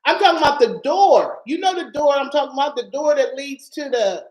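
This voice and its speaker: A woman telling a personal faith testimony in a lively, expressive way, laughing often and calling her listeners y'all. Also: high-pitched, fairly quick. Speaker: Christian speaker sharing a testimony. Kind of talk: animated personal storytelling. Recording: echoey room.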